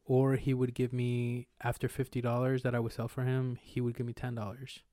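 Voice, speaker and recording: A man's voice: medium pitch, monotone, fairly quick, warm tone, no echo, studio quality. A young man co-hosting a podcast, telling rambling, slangy stories and acting out quotes with swearing. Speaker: podcast co-host. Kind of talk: casual storytelling chat.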